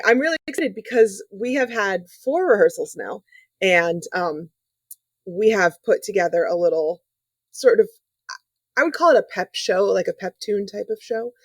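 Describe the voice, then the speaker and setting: A woman's voice: medium pitch, husky, dry recording. A woman music teacher chatting casually on a podcast, upbeat and full of fillers.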